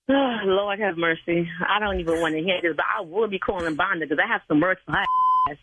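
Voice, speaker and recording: Her voice lowish and fairly bright, an older woman who serves as a church sign language interpreter talks fairly quickly on the phone to a prank caller. She sounds stern, proper, and scolding, and the telephone line is tinny.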